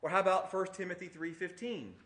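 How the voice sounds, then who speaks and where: A middle-aged man delivers a sermon with a somewhat higher-than-usual voice. He teaches in an explanatory, conversational way, leaning into emphatic points and asking the listeners rhetorical questions. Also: fairly even intonation, fairly quick, fairly bright tone. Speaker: pastor.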